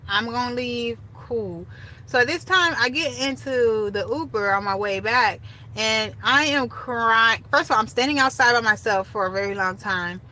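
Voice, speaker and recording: A young woman casually telling a story straight to her viewers, animated and chatty. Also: a little high, moderate pace, low-quality recording. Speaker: storytime vlogger.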